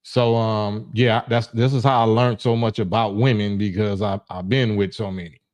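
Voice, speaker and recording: A man's voice: fairly low pitch, little pitch movement, moderate pace, darkish tone. A middle-aged man from Los Angeles hosting a livestream call-in, talking bluntly in casual street slang with frequent restarts. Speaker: livestream host.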